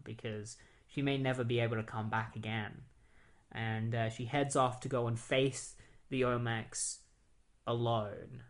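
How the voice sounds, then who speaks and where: A young man hosting a podcast, casually recapping comic books in a rambling way, full of "like" and fillers. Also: mid-range voice. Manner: rambling, fillers, says "like" a lot. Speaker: podcast host.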